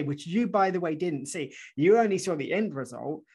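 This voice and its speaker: A man who is a guest author in an interview, explaining ideas in an animated, conversational way with frequent restarts and "right?" asides. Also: on the high side, normal speed, husky.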